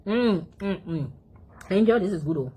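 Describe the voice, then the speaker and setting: A woman's voice: medium pitch, lively intonation, normal speed, dark tone, slight background noise. A woman from Africa, chatting casually to her phone and her dog between mouthfuls and humming as she chews. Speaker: vlogger. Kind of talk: casual eating vlog chat.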